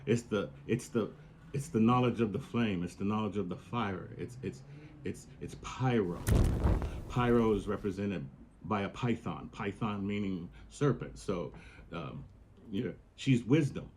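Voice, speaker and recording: A man's voice: lowish voice, expressive, measured pace, background noise. A man hosting a podcast, retelling a story in a casual, profane, slangy monologue. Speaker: podcast host.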